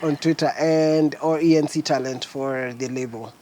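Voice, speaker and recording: A man, a music-industry insider in a casual chat, confident and opinionated and quick to tease. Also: fairly high pitch, fairly even intonation, mellow, a little hiss or hum. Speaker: music industry guest and co-host.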